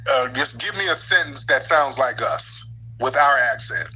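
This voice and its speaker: A man's voice: medium pitch, lively intonation, normal speed, sharp tone, slightly rough, poor audio. A man hosting a call-in show, mocking and confronting a caller. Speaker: talk show host.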